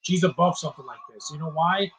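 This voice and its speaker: A man's voice: fairly high pitch, quick pace, fairly bright tone, slight background noise, poor audio. A man giving casual live commentary on a movie, opinionated and ranting about what he dislikes. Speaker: film commentator.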